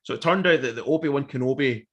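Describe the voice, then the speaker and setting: A man, co-hosting a casual review chat, animated and sweary, acting out quotes. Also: mid-range voice, quick pace, muffled recording. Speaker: podcast co-host.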